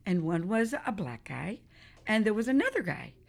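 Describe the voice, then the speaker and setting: A woman's voice: mid-range voice, very animated, normal speed, creaky. A woman telling an emotional personal story in an interview, acting out what others said. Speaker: interviewee, mother.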